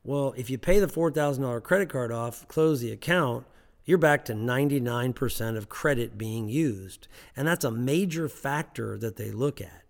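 A man's voice: medium pitch, normal speed, gravelly, in a large hall. A man giving financial advice on a podcast, emphatic and repetitive, often checking in with "okay?".

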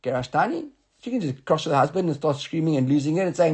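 A man teaching a Talmud class who reads passages aloud, then explains them in a halting way, often repeating words. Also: on the high side, lively intonation, darkish tone, breathy edge.

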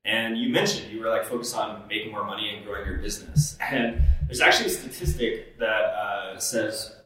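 A man's voice: lowish voice, normal speed, a bit bright, distant mic. A man co-hosting a casual podcast chat, talking in an earnest coaching way with many fillers. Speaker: podcast co-host. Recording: echoey room, off-mic.

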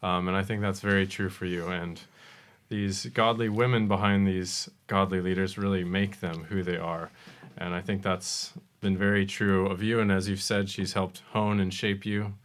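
A young adult man hosting a podcast conversation, affirming and unhurried, with frequent soft fillers. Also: low voice, flat delivery. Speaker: podcast host. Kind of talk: hosted conversation.

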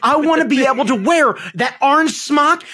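Ranting, high-voiced, profane man. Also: moderate pace, pushed and bright. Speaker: podcast host. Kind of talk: casual chat.

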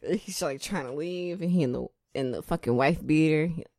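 A woman's voice: low voice, normal speed, mellow, dry recording, clean studio sound. A woman in casual podcast chat, rambling and giggling as she tells a story. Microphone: studio microphone.

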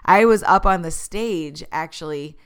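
A woman's voice: lowish voice, a little slow, a bit bright, smooth. A middle-aged woman talking candidly about conflict and growth, telling personal stories and acting out what people said. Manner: candid, storytelling, acts out quoted lines. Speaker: speaker sharing life lessons. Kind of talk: reflective personal talk.

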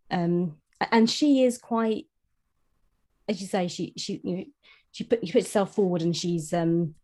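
A podcast co-host talks casually about a novel in a warm, medium-pitched woman's voice. She sounds hesitant, her sentences often trail off, and she leans on lots of fillers.

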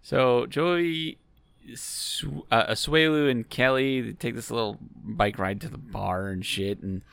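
A man with a gravelly, fry-tinged yet clear voice recaps episodes for a podcast. He talks in a wry, sarcastic way and makes crude jokes. The sound is dry and close. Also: medium pitch, unhurried, fairly bright tone, no echo. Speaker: podcast co-host. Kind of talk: casual recap chat.

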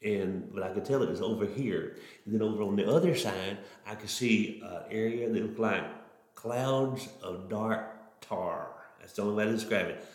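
A man's voice: fairly low pitch, moderate pace. A middle-aged man, a preacher telling his testimony in an earnest, folksy way with many restarts. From Oklahoma. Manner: folksy, earnest, repetitive starts. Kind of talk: testimony storytelling. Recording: roomy echo.

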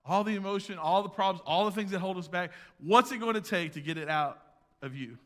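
A man preaching a sermon as pastor, swinging between loud emphasis and hushed asides, recorded in a church sanctuary. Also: high voice, fairly quick. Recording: long reverb of a large hall.

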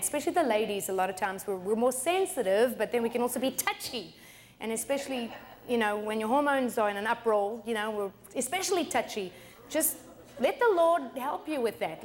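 A middle-aged woman pastor preaching a sermon in a chatty way, often laughing and repeating words. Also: fairly high pitch. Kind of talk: sermon teaching.

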